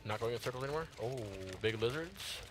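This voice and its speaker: A man giving chatty, excitable live commentary while playing a game, tired after an early start. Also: medium pitch, fast, background noise. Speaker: gaming streamer.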